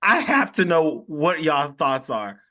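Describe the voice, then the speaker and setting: A man co-hosting a podcast, reacting to a show in animated casual chat, laughing often and addressing the group. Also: fairly high pitch, takes it slowly. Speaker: podcast co-host.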